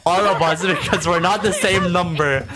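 A man gaming in a multiplayer horror game, panicky and loudly repeating his complaints. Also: high voice, normal speed, a crowd in the background. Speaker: gamer.

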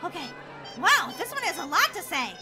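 A woman's voice: very high voice, sing-song, normal speed. A woman voicing a frightened young girl trapped in a nightmare, stammering and talking to herself in a roleplay game video. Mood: flustered. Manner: frantic, stammering, talks to herself. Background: background music.

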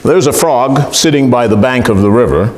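Male pastor, sermon, animated, questions congregation, lively pitch, roomy echo. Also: normal speed, a little hiss or hum.

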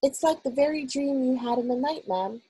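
A woman's voice: sits high, moderate pace, warm tone, husky, voice pushed up, exaggerated voice. A woman voicing a nervous young maid who speaks in a quivering, deferential way, in a storybook reading. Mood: anxious. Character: young maid, timid and anxious.

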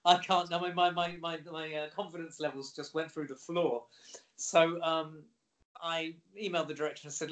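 A middle-aged man, an actor guest in a casual interview, telling animated, lively anecdotes. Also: fairly high pitch, moderate pace.

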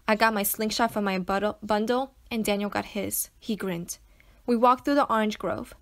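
A woman reading a children's novel aloud to schoolchildren, with an expressive storytelling manner. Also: mid-range voice, moderate pace. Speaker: teacher reading to students.

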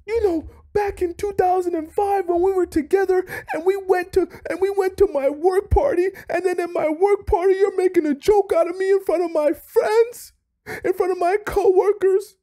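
A man acting out a furious boyfriend who explodes and shouts his grievances in a shrill, near-crying voice. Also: steady tone, moderate pace. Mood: aggrieved.

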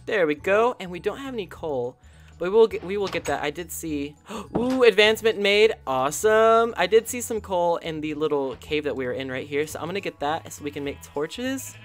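A channel host giving casual, chatty commentary over a game, excitable and full of gasps and little coos. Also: mid-range voice, moderate pace, faint music behind.

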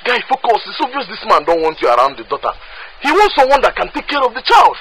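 Blunt, mocking friend with Nigerian Pidgin, fast and animated. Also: male voice, high-pitched. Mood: advising. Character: blunt young male friend giving advice.

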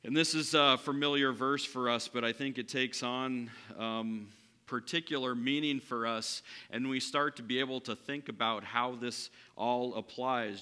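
A male pastor delivers a sermon in a large church hall. His voice is sharp and very bright, and it trails off into a long reverb. He moves between raised, emphatic lines and quiet, hushed ones. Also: mid-range voice, fairly even intonation, unhurried, smooth. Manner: swings from loud preaching to hushed, soft delivery.

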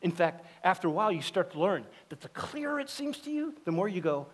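Conversational middle-aged pastor preaching. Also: male voice, high voice, brisk, few pauses, breathy edge. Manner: conversational and animated, acting out quoted voices. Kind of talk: sermon. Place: church sanctuary.

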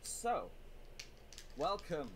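A man co-hosting a tabletop game show, flustered and laughing, tossing out quick mock insults at his friends. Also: on the high side, very animated, a little hiss or hum. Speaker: co-host. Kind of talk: joking banter among friends.

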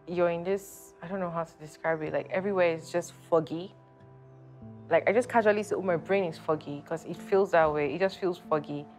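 A woman reflecting plainly on a period of depression. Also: fairly low pitch. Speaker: interviewee. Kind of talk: personal testimony.

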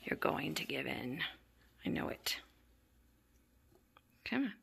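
A woman in an indoor room who plays with kittens and laughs a lot, using high sing-song baby talk that drops to soft whispers, then calmly explaining how to socialize them. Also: slow pace, gravelly, breathy edge. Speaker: animal rescue volunteer. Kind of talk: casual narration while playing with kittens.

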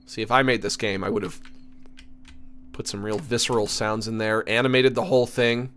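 A man's voice: on the low side, steady tone, moderate pace, a bit bright, a little hiss or hum. A man streaming a game, reading its text aloud and joking between laughs. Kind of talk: casual let's-play commentary.

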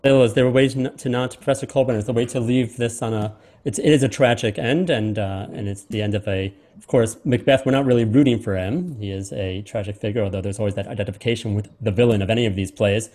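Male host-lecturer, low mellow voice, measured close reading that lingers on key words.

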